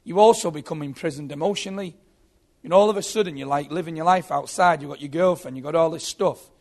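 A man's voice: on the high side, fast talker, darkish tone. A man telling his own story as a Christian testimony, earnest and often repeating his words. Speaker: former prisoner giving testimony.

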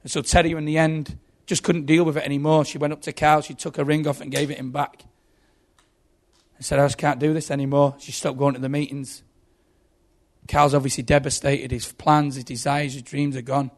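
A man's voice: a little high, moderate pace. A man preaching a sermon, telling stories with dramatic buildups. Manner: animated storytelling, dramatic buildups.

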